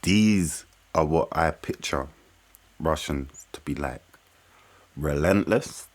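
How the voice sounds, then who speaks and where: A man's voice: a bass voice, slow pace. A man hosting a reaction video, offering musing offhand remarks after a clip. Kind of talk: casual reaction commentary.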